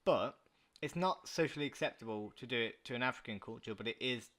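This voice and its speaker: A young Englishman co-hosting a casual podcast chat, arguing his side with rising force. His voice sits at a middle pitch, and he talks in quick bursts full of restarts. He sounds like a young man in a relaxed but heated debate. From England. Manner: argumentative, rising in pitch and volume when pressing a point. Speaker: podcast co-host.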